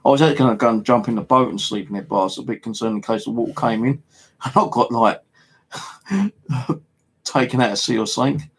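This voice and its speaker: A man's voice: medium pitch, animated, fairly quick, breathy edge. A man with an English accent telling a rambling, casual story, heavy on fillers and swearing. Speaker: paranormal vlogger. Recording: home video monologue.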